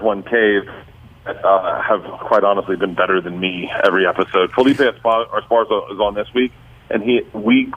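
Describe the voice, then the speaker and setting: A man's voice: on the low side, phone-quality sound. A male comedian guest telling stories in casual chat, rambling and restarting his sentences.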